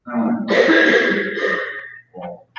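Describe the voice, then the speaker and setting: A man giving candid, wry personal testimony as a speaker at a recovery meeting in a large meeting hall. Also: very slow. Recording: echoey hall, distant dull mic.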